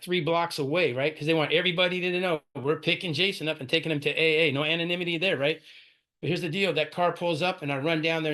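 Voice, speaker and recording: Fast-talking man telling his recovery story. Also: on the high side, a bit bright. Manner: storytelling, frequent "right?" and "man". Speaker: AA speaker sharing his story. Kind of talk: personal recovery talk.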